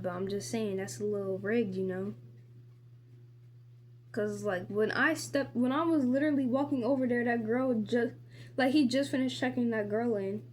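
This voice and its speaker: Teen girl vlogger, high voice, rambling profane storytime, faint hiss behind. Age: teenager. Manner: rambling, profane, heavy use of "like"; indignant ranting. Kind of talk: casual get-ready-with-me storytime.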